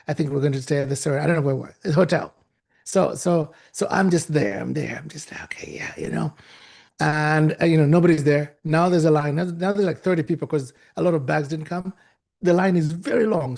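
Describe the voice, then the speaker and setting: Male guest speaker, high and gravelly, animated storyteller. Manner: animated, acts out the people in the story; restarts and repeats himself for effect. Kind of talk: storytelling talk.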